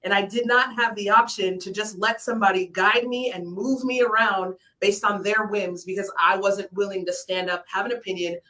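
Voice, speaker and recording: A middle-aged woman tells a reflective story in an earnest, animated way, acting out what people said along the way. Her voice sits in a middle register and sounds a little distant from the microphone, as on a video call. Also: mid-range voice, moderate pace, few pauses. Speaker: author and former military commander. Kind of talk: storytelling at a virtual book launch.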